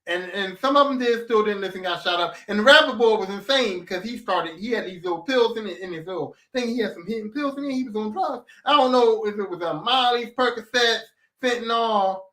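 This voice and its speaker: A man's voice: sits high, brisk, hardly any pauses, a bit bright. A man hosting a podcast, recapping a show in casual chat, acting out characters' lines with heavy swearing. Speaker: podcast host.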